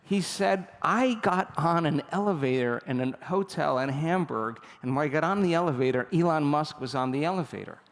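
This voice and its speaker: A man delivers a motivational seminar talk in a voice that sits a little high for a man. He tells stories with animated energy and keeps checking in with his listeners. His voice carries the long reverb of a big hall. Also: moderate pace, hardly any pauses, slight background noise. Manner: animated storytelling, repeatedly asks the audience for agreement. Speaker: seminar speaker.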